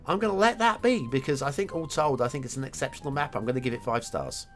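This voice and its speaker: A man's voice: mid-range voice, lively intonation, quick pace, faint music behind. A man hosting a game map review show, chatting enthusiastically with filler words and self-corrections. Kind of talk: casual game commentary.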